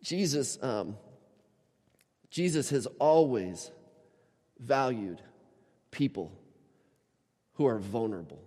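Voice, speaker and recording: A man preaching a sermon as a pastor, storytelling with animated shifts and acting out the people he quotes. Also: mid-range voice, takes it slowly, pauses often. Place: church. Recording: church hall with long reverb.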